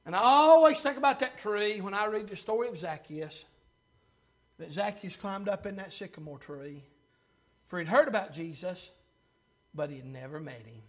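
A man preaching a sermon fervently, surging louder between drawn-out 'uh' pauses and then dropping low. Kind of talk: revival-style sermon.

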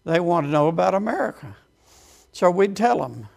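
Gravelly high-voiced preacher. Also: male voice, very animated, moderate pace. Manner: storytelling with frequent amens, acting out quoted voices. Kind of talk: sermon testimony.

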